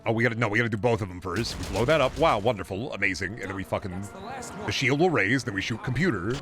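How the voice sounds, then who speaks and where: A man streaming a game, rambling and profane, bursting into excited rants. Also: fairly low pitch, quick pace, music in the background. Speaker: gaming streamer. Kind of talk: live game-stream commentary.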